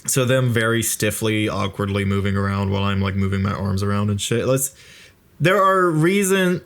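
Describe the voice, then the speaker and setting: A man giving casual, rambling commentary on his own let's play through a VR headset mic, self-deprecating and swearing freely. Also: fairly low pitch.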